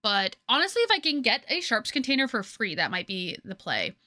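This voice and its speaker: Young canadian girl streaming, rambly, lots of ums, bright voice, dry close sound. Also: fairly high pitch, big pitch swings, fairly quick, no echo. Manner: chatty, rambling with many fillers and restarts. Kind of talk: casual chat with viewers. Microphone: headset.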